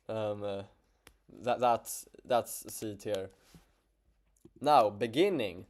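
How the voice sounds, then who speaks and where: A man's voice: on the low side, a little mellow. Stammering Swedish-accented man streaming live. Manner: halting, stammering, many restarts. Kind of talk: casual livestream chat.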